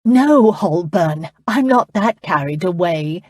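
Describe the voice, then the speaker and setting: A woman narrator voicing a lively, outspoken English noblewoman who teases and speaks her mind. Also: fairly low pitch, moderate pace, breathy edge, dry recording, studio quality. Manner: teasing, outspoken.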